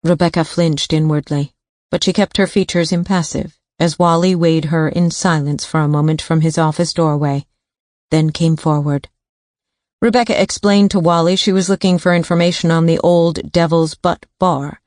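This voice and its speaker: A woman reading a thriller audiobook in a steady, even narration on a studio mic. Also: low voice, moderate pace, no room sound.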